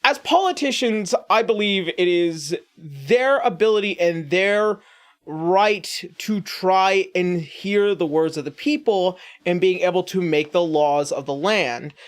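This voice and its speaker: A man delivers a comedic commentary rant. He swears constantly and is sarcastic, often restarting his sentences mid-thought. His pitch is mid-range and unremarkable. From United States. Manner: crude, profane, sarcastic, halting restarts. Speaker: YouTube commentator.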